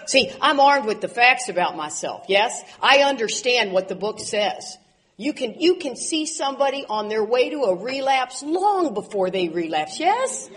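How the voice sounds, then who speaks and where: A woman in her forties speaking at a recovery convention, telling animated stories with laughs and loud outbursts. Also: high voice, normal speed. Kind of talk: speaker talk to an audience.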